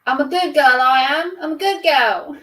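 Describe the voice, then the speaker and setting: A woman's voice: high voice, moderate pace, a bit bright, pitched above the performer's own voice. A woman voicing a cheeky young Cockney flower girl with a Cockney accent. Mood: insistent.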